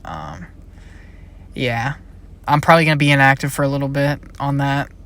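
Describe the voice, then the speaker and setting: A man's voice: medium pitch, normal speed, a bit bright. A young man, a college-age YouTube creator, chatting casually and rambling through a Q&A, often trailing off. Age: young adult. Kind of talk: casual Q&A chat.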